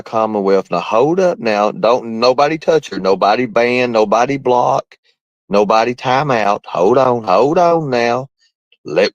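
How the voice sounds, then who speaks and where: A man's voice: medium pitch, dry recording. A man livestreaming, talking to his viewers in a rambling, mocking, folksy way. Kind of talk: casual livestream rant.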